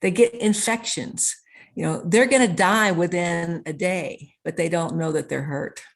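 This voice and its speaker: A woman's voice: lowish voice, measured pace, gravelly. Earnest woman recounting a story. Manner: earnest, piles up clauses with repeated "and". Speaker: author and interview guest. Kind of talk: conversational storytelling interview.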